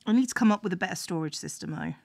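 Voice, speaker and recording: A woman hosting a live stream, with a lowish voice and a dry, matter-of-fact delivery. The sound is close and dead, with no room around it. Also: huge pitch swings, racing, a little mellow, no room sound. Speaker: streamer host. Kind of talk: casual chat on a live stream.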